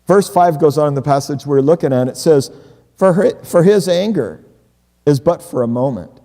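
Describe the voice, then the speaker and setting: A middle-aged man preaching a sermon as pastor, earnest and reassuring, often dropping low and quiet on key words. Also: expressive, moderate pace. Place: church sanctuary. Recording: long hall reverb.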